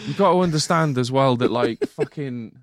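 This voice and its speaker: A man's voice: medium pitch, moderate pace, no echo, clean studio sound. A young man co-hosting a casual film podcast, swearing a lot and laughing often. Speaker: podcast co-host. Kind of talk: casual film-discussion chat.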